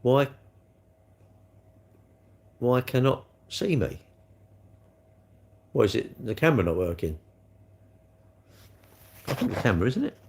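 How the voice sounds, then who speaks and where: A man's voice: medium pitch, big pitch swings, slow pace, creaky, long pauses, a little mellow. A middle-aged man rambling cheekily on a live stream, answering chat comments as he goes. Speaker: livestream host.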